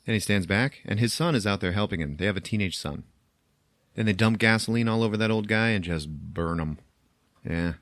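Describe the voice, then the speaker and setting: A man's voice: fairly low pitch, a little fast, fairly bright tone, no room sound. A man hosting a podcast, recapping a film plot in casual chat, chatty and profane, laughing at his own jokes, on a close microphone.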